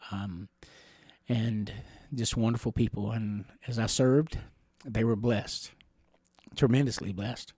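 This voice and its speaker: A middle-aged man from the Catawba Nation telling personal stories in an interview, rambling gently with chuckles and fillers. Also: lowish voice, fairly even intonation, slow, husky, dry recording, studio quality. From Catawba Nation, Carolinas, USA.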